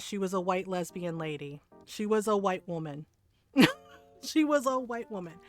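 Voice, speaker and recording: A woman streamer casually telling a story while she plays, animated, tagging lines with "right?" and laughing often. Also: mid-range voice.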